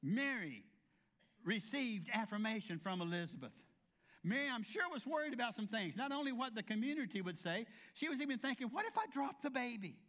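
Male pastor, high voice, folksy storyteller who slips into the characters' voices; sermon delivery. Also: animated, brisk, a bit bright. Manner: folksy storytelling with humorous asides; acts out quoted voices.

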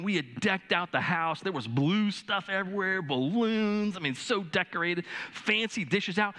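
A man in his fifties tells humorous family stories in a folksy, rambling way, full of asides. His voice sits a bit high and sounds bright and forceful. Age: 50s. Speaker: speaker. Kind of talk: storytelling talk.

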